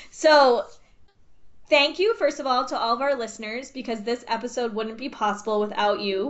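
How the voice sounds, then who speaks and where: A woman hosting a podcast, excitable and giggly, jumping between loud bursts and softer talk. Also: on the high side, highs cut off. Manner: excitable, giggly, jumps loud then soft. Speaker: podcast host. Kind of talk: bubbly podcast intro. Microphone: home microphone.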